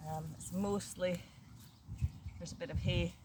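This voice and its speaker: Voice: mid-range voice, fairly even intonation, a little slow, background noise. An older vlogger chatting casually in a matter-of-fact way while working outdoors in a garden. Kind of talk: casual chat.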